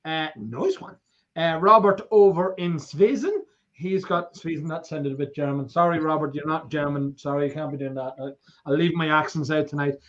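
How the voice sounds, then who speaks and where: An Irish man hosting a livestream in a loose, joking way, teasing his guest and reading out comments. His voice sits a little high, and the recording sounds dull and lo-fi. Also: fairly even intonation, fairly quick, a bit bright. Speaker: auction livestream host. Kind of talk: casual livestream banter.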